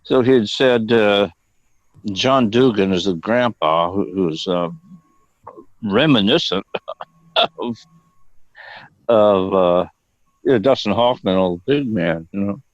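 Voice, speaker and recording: A man's voice: lowish voice, slow pace, pauses often, no echo. An older man telling stories as an interview guest, rambling off on digressions and swearing casually. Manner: rambling and profane, prone to digressions. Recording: dull, dry lo-fi audio.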